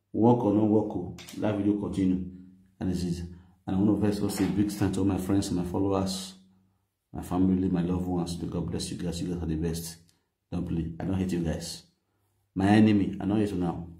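Nigerian man, low and dark voice, excited live-stream chat, echoey room. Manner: excited, thankful, mixes English with pidgin and Yoruba. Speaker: vlogger doing a daily live video.

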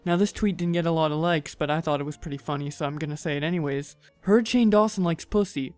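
A man's voice: fairly high pitch, fast, no room sound, faint music behind. Sarcastic man doing drama commentary. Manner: sarcastic, profane, deadpan. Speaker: commentary host.

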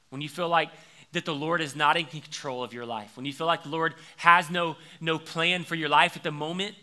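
Bright-voiced young male pastor preaching. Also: a little high. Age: young adult. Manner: conversational preaching, rises to lively storytelling. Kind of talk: sermon.

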